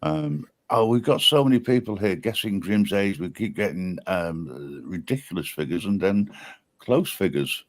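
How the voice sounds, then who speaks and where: A man co-hosting a live stream, with dry, deadpan humor and frequent "uh" and "um" pauses. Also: fairly low pitch, no echo. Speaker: livestream co-host. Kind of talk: casual live-stream chat.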